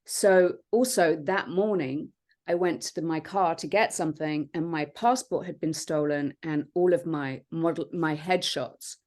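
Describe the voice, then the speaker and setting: A woman, a podcast guest, telling her own story in an earnest, reflective way with many pauses and fillers. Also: sits low, darkish tone. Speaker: podcast guest, transformation coach. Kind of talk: personal storytelling in conversation.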